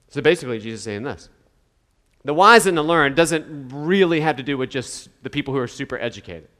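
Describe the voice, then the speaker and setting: A man's voice: medium pitch, lively intonation, brisk, sharp tone, in a large hall. A man preaching a sermon in a conversational way, now and then acting out the voices of the people he quotes. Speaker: pastor.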